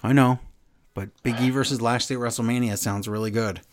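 A man casually chatting as a podcast co-host, recapping wrestling in an animated way and acting out quotes. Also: medium pitch, a little fast. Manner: animated recapping, acts out quotes in shifting voices. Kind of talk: casual chat.

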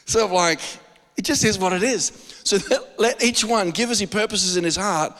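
A man with an Australian accent preaching a sermon as pastor, animated and joking, with frequent restarts. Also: high-pitched, normal speed, in a large hall.

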